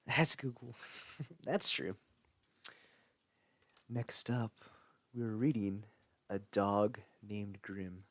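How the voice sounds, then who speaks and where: A man's voice: mid-range voice, very animated, slow, pauses often, no room sound. A man reading horror stories aloud on a livestream, casual and jokey between readings.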